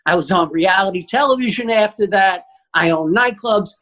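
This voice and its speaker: A man's voice: sits high, moderate pace, poor audio. New guy on a podcast telling a wild story, swearing a lot, doing all the voices. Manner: animated, profane storyteller acting out quotes. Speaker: guest comedian. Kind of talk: comedic storytelling.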